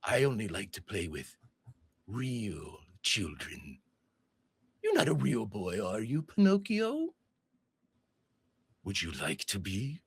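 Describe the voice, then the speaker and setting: A man's voice: huge pitch swings, slow, long pauses, husky, dry recording, full character voice. Give me a man playing a sinister clown creature who taunts in a creepy sing-song, dry and close. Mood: low taunting. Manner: creepy sing-song, swinging between shrill and hushed. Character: sinister clown creature, male, mock-friendly and menacing.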